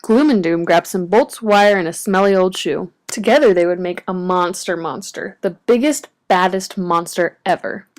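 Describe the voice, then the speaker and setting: A woman reading a children's picture book aloud with an expressive, varied storytelling delivery. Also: lowish voice, normal speed, hardly any pauses. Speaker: storybook reader.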